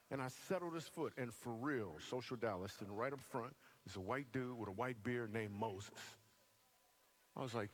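Male preacher, 30s, storyteller type, mid-pitched, funny and earnest, live church room. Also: slight background noise. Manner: animated storyteller, bursts of quick delivery and joking asides. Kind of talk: sermon with humorous stories. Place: church auditorium, live audience.

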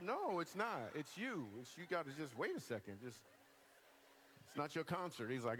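Animated storytelling preacher, a man. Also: on the high side, slight background noise. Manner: animated storyteller, bursts of quick delivery and joking asides. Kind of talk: sermon with humorous stories. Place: church auditorium, live audience.

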